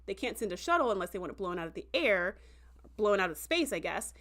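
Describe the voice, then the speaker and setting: A woman hosting a casual livestream review, chatty and full of "like" and "um" fillers, who slips into animated voices when quoting characters. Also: mid-range voice, fast. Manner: breaks into animated voices for quotes.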